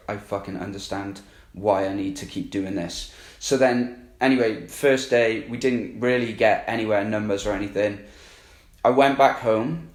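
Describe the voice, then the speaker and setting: Candid, swearing man in a roomy space. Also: lowish voice. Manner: candid, rambling, heavy swearing. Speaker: coaching client. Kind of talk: casual recounting of an experience. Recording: roomy echo.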